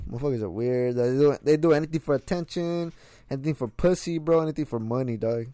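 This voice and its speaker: A man's voice: medium pitch, quick pace, dark tone, no room sound. A young man in casual chat, slangy and profane, calling everyone "bro" as he rants.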